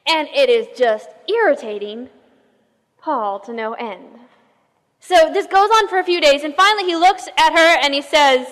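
A woman pastor telling a story in a sermon, in a lively conversational way, asking the listeners questions. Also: high voice, normal speed, in a large hall.

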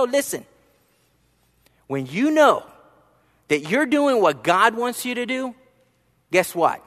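A high-voiced man gives a sermon, reverb trailing off his words in the hall. He shifts from soft, low asides to loud, emphatic rises as he tells his story. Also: sing-song, measured pace, pauses often. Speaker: pastor.

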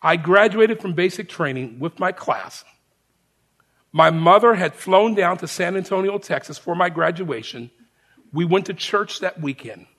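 Gravelly, animated preaching man. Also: high voice, a little slow. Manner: animated storyteller, shouts the sergeant's lines. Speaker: preacher telling a testimony. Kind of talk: sermon storytelling.

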